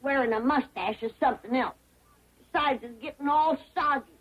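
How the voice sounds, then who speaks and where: Granny, a cranky old hillbilly. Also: female voice, high voice, normal speed. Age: older. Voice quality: sharp, scolding twang. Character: feisty old hillbilly grandma, stubborn and cranky. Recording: muffled old TV sound with laugh track.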